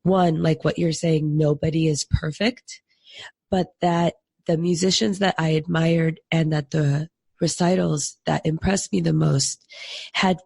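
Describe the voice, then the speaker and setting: Hoarse, gravelly-voiced sick woman. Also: sits low, fairly even intonation, measured pace, a little mellow, no room sound, studio quality. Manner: reflective, self-deprecating. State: hoarse from illness. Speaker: podcast co-host. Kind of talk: casual chat.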